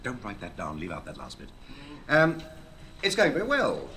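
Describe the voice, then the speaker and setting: A man's voice: fairly low pitch, wildly swooping pitch, sharp tone, a little hiss or hum, heavily acted. An actor playing an impatient stage producer who bosses his cast through a rehearsal in a radio play. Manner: brisk, impatient, commanding. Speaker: theatre producer directing a rehearsal.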